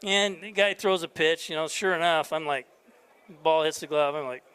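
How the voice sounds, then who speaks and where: A man's voice: a little high, moderate pace, smooth. A man, a head baseball coach, telling stories in a casual interview at a convention, acting out the dialogue. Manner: animated storyteller acting out dialogue. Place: convention floor.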